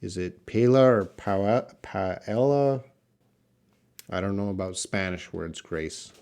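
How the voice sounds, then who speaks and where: A man teaching English pronunciation on a live stream, repeating each word slowly and answering viewers' questions from the chat. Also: sits low, a little mellow, smooth. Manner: slow, repeats words for learners, answers chat.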